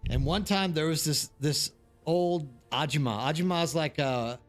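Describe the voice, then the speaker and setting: A man with a slightly high voice, speaking at a normal pace, hosts a live stream from South Korea, where he lives abroad. He chats casually with viewers, telling rambling anecdotes full of fillers and restarts. Faint music plays behind him.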